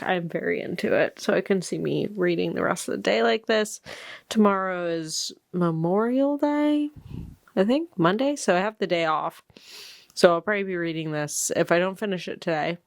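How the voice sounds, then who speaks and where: A woman's voice: lowish voice, creaky, dry recording, studio quality. A young woman chatting casually at home about her reading, rambling, with many fillers and restarts, recorded by a camera set in one place. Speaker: book vlogger. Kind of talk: casual reading vlog chat. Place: at home, seated in one spot.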